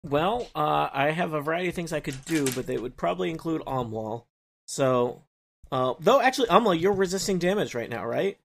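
Gravelly, hesitant man at the game table. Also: a little high, expressive, a little fast. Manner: hesitant, thinking aloud with many ums. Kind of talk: casual tabletop game talk.

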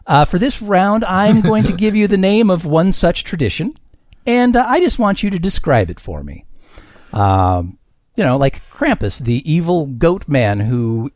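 A man's voice: sits high, very animated, a little slow, a little mellow, no echo. A man hosting a comedy quiz game on a podcast, reading scores and answers with a wry, self-mocking manner.

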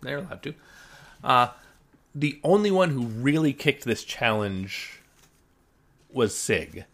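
This man co-hosts a relaxed podcast where TV shows get recapped amid wry tangents and many false starts. He speaks slowly in a sing-song, creaky, medium-pitched voice with a fairly bright tone.

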